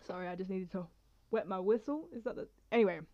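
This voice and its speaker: A woman's voice: mid-range voice, fast, dark tone, no echo, highs cut off. A woman vlogging casually in a chatty, rambling way, with apologetic asides, and reading her own poems aloud. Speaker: poetry vlogger.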